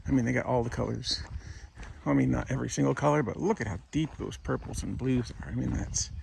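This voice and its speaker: A man's voice: medium pitch, quick pace, creaky, darkish tone, a little hiss or hum. A man rambling casually to his camera as he walks outdoors past a port and a factory, correcting himself as he goes. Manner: rambling, chatty, self-correcting. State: sore foot while walking. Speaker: vlogger walking a pilgrimage route. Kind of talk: casual walking vlog. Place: outdoors by a port and industrial road.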